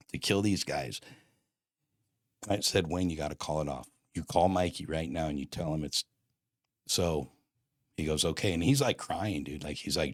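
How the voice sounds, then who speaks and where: A man's voice: a bass voice, dry recording, studio quality. A man giving a blunt personal testimony in casual street talk, acting out old phone calls line by line. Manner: blunt street slang, acts out phone dialogue.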